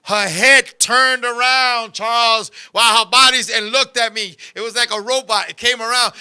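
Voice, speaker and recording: A man hosting a show, telling animated, profane stories and often shouting as he talks. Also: extremely high pitch, normal speed, hardly any pauses, clean tone. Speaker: show host. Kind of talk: comedic storytelling chat.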